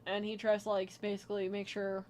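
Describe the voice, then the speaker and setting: A woman co-hosting a casual game chat, blunt and jokey, with excited swearing outbursts. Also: mid-range voice, fast. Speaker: podcast co-host.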